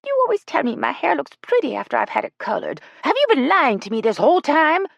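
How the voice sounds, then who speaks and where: A woman's voice: sing-song, fast talker, vocal fry, no room sound, heavily acted. Woman doing a fussy, huffy older lady. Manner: prim, huffy, high-strung.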